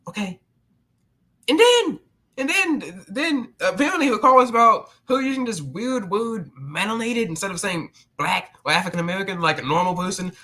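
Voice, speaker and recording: A man's voice: high voice, animated, brisk, pushed and bright. A man hosting his own channel, delivering a sarcastic, mocking rant with many restarts. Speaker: channel host.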